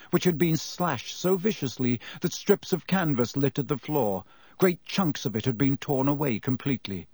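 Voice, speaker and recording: A man narrating a fantasy audiobook in an expressive storytelling manner. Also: medium pitch, no room sound. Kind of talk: scripted narration.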